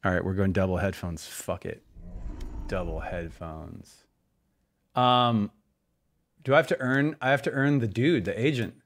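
A man's voice: on the low side, a little slow, pauses often. A man in his forties streaming a shooter game from a room at home, chatting casually, mocking himself and swearing often. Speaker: livestreamer playing a shooter game. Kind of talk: casual gameplay commentary.

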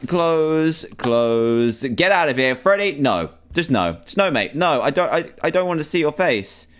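A man's voice: a little high, expressive, unhurried. A man commentating on a horror game, panicky and pleading, repeating himself as he talks to himself. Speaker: gamer.

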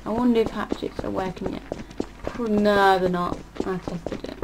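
Over audible background noise, a female gaming channel host talks casually through her gameplay at normal speed. She thinks out loud and frequently lets sentences trail off, and her medium-pitched voice keeps a steady tone.

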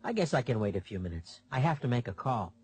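A man's voice: mid-range voice, sing-song, fast, darkish tone, close to an everyday voice. A man playing a cheerful father in a scripted textbook dialogue, upbeat and friendly.

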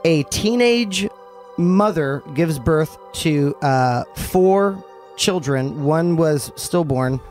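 A man's voice: a little high, drawn-out words, soft background music. A man hosting a podcast, telling a story casually with fillers and asides. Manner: relaxed, full of fillers and asides. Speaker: podcast host.

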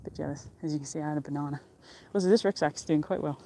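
This young outdoor vlogger has a deep, warm voice and talks quickly during a casual live stream from a mountain top. She's cheerful, rambles, and laughs often.

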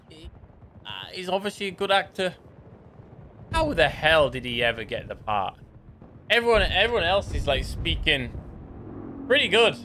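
A man commentating over his gameplay in loose, rambling chat. His voice is bright and slightly high, and he drifts into quiet mumbles. There is faint noise behind him. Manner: rambling, joking, trails off into mumbles. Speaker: gaming streamer.

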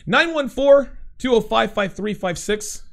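A man in his forties hosting a live call-in show, talking in an animated, emphatic way and repeating his phrases. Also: extremely high pitch, a little slow, creaky. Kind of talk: casual call-in chat.

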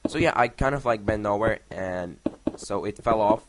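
Recorded on a noisy home microphone, this young male gaming vlogger rambles through a casual story while he plays, cursing frequently and muttering block counts to himself. His voice is lowish and he speaks at a moderate pace.

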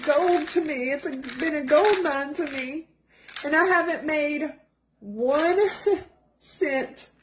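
A woman's voice: high-pitched, a little hiss or hum. A woman giving an earnest, pleading personal testimonial, emotional and close to tears at times, repeating herself for emphasis. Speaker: product affiliate giving a testimonial.

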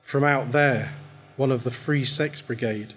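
A sneering bearded stranger with a scornful, dismissive tone, read by a man in his own husky voice. The delivery is low and curt, like a bit part in a spoken story reading. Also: fairly even intonation, a little slow, fairly bright tone, faint music behind.

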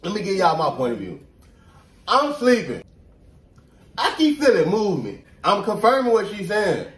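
Brief: upbeat male vlog co-host, higher voice, mic sits back in a roomy space. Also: moderate pace. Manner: animated, playful, acts out quotes. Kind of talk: casual storytelling chat. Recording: roomy echo, distant mic.

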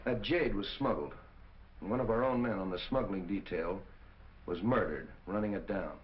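An actor playing a brusque, hard-boiled police captain who barks orders. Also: male voice, on the low side, normal speed, natural voice. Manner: gruff, barking orders. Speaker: police detective. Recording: muffled 1940 film soundtrack with hiss.

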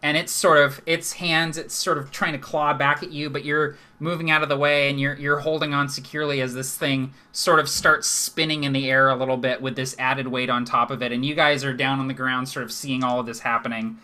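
A man's voice: mid-range voice, little pitch movement, fairly quick, hardly any pauses, sharp tone. A man narrating a live tabletop game as game master, chatty and laughing often, with lots of fillers.

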